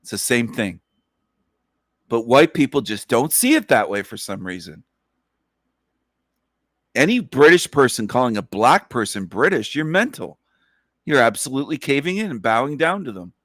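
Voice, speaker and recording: A man hosting a livestream who rants emphatically, hammering each point again and again and swearing often. His voice sits at an ordinary male pitch. The sound is close and dry, with no room echo. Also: sing-song, normal speed, pauses often, fairly bright tone. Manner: emphatic, profane, repetitive ranting. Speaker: livestream host. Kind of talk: livestream commentary rant.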